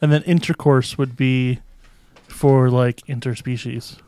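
Male co-host, playful and deadpan, crisp tone, dry close mic. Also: medium pitch, unhurried, no echo. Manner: playful, deadpan joking wordplay. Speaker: podcast co-host. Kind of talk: casual chat about movies.

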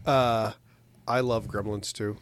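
A man's voice: on the low side, fairly even intonation, slow pace, slight background noise. A man chatting casually about a movie, making wry jokes and laughing often. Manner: jokey, laughs a lot, wry asides.

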